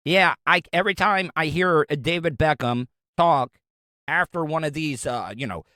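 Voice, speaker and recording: A man in a solo monologue, rambling and cracking jokes in a somewhat high voice. The sound is dry and close, with no room behind him. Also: normal speed, bright, forceful tone, dry recording. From Florida, USA. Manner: rambling, joking, conversational. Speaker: podcast host.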